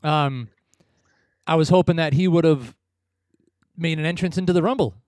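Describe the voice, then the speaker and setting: A man's voice: on the high side, normal speed, darkish tone, no echo. A man co-hosting a casual wrestling chat, rambling and blunt, often laughing at his own remarks. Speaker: podcast co-host.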